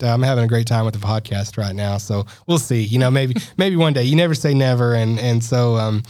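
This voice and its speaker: A man co-hosting a podcast in a studio, chatty and loose, full of fillers and quick laughs. His voice sits at an ordinary pitch and is recorded close and dry, with no room sound. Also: a little mellow, dry recording. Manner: chatty, laughs often, many fillers and restarts. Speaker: podcast co-host. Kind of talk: casual chat.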